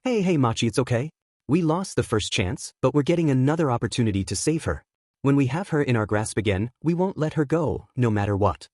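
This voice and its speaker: A man's voice: mid-range voice, expressive, a little fast, a little mellow, no room sound, clean studio sound, close to an everyday voice. A man voicing an earnest teenage boy hero who blames himself, in a raised, emotional delivery.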